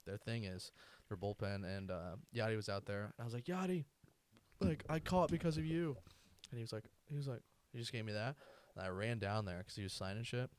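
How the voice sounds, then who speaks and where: Low, smooth-voiced laid-back podcast host man. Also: brisk. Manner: laid-back, profane banter. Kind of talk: casual podcast chat.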